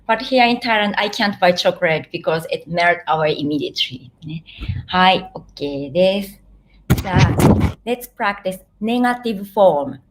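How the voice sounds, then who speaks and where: A Japanese-accented woman runs a live online class from home. Her voice rises and falls in a lively way as she models words for students to repeat. She speaks patiently and clearly. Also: medium pitch. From eastern Japan. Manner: patient, repeats words slowly for learners to copy. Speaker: language teacher. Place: home, living in Thailand.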